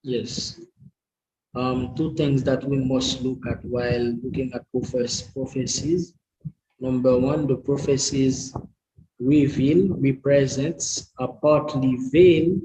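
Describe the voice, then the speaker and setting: A man studying to preach, reading his notes aloud and sounding out hard words slowly and carefully, with English not his first language. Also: mid-range voice, steady tone, dark tone, poor audio. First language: a language other than English. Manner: slow and careful, sounds out and repeats difficult words. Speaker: preaching student.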